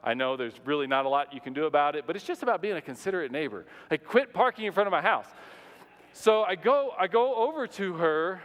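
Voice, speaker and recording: A man in his thirties, a pastor telling a personal story in a sermon, animated and conversational with frequent restarts and fillers. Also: on the high side, brisk. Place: church sanctuary. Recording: long reverb of a large hall.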